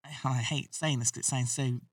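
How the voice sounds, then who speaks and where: A guest podcaster talks in a loose, rambling way, circling back on thoughts. The voice is mid-pitched, with a dry sound, recorded a little away from the mic. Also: fairly even intonation, brisk, husky, dry recording, distant mic. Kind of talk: casual chat.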